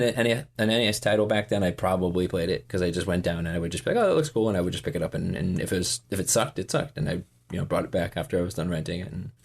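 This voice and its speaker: A man in his forties talks in a casual interview, his voice sitting very low. He rambles, stops and restarts, filling gaps with "uh" and "you know". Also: breathy edge. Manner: rambling, halting, many fillers and restarts. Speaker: podcast guest.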